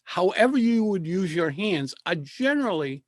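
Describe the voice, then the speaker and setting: A man coaching people on public speaking. His voice sits a little high, and his delivery is measured, with deliberate pauses. The sound is dry and close, picked up over a video call. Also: very animated, no room sound. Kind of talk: presentation coaching talk.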